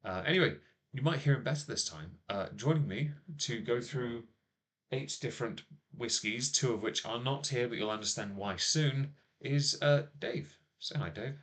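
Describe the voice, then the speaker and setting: A man's voice: mid-range voice, normal speed, a bit bright. A man hosting a casual live stream from a small home office on a laptop microphone. He rambles, uses lots of fillers and teases his co-host. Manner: rambling, filler-heavy, teasing.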